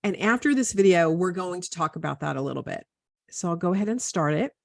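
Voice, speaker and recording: A woman presenter introducing a video in a talk, explaining step by step in a measured way. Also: on the low side, animated, gravelly, no echo.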